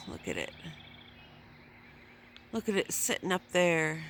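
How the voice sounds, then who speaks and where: Slow, low-voiced woman vlogging outdoors. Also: huge pitch swings, gravelly, noisy background. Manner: chatty, swears when annoyed. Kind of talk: casual gardening vlog. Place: outdoors in a front yard.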